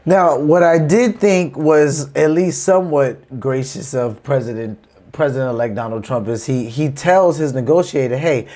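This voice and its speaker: A man's voice: mid-range voice, moderate pace, dark tone. A man hosting a reaction channel, explaining news clips in a conversational way before he plays them. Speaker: political reaction channel host. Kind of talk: casual commentary.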